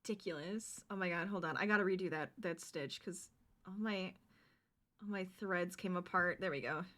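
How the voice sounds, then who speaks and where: A woman streamer chatting with her viewers while she crochets, bubbly and quick to giggle. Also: on the low side, a bit bright.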